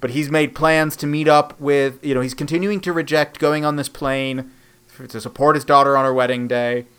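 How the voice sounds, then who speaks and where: A man's voice: normal speed, smooth. A man co-hosting a casual comedic podcast, retelling scenes from a show and acting out the characters with big leaps in his voice. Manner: animated, acts out scenes with big pitch jumps. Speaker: podcast co-host. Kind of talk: casual comedic recap chat.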